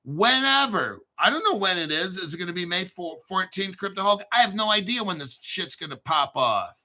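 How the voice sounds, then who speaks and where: A man's voice: sits high, lively intonation, moderate pace, bright, forceful tone. A man hosting a crypto channel, ranting brashly and sarcastically and swearing a lot. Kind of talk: profane ranting monologue.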